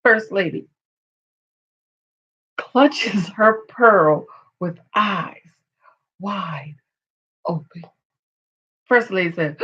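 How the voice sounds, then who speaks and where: A woman's voice: mid-range voice, animated, takes it slowly, long pauses. A woman hosting a casual story-time video, reading from a book and chatting with viewers in asides. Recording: dull lo-fi recording.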